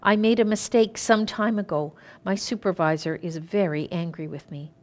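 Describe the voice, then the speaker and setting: A woman's voice: medium pitch, normal speed, lightly acted. Woman reading as a hesitant, worried postman. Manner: hesitant, apologetic. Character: worried, apologetic male postman.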